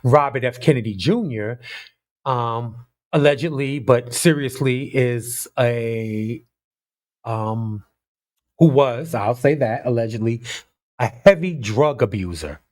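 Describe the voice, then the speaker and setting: A man giving casual, animated commentary on the news, talking straight to his viewers with open disbelief. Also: mid-range voice.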